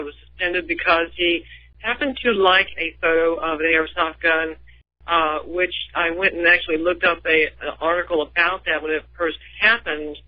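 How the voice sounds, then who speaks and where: High-voiced, animated male caller. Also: no room sound, dull audio. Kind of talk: call-in radio talk.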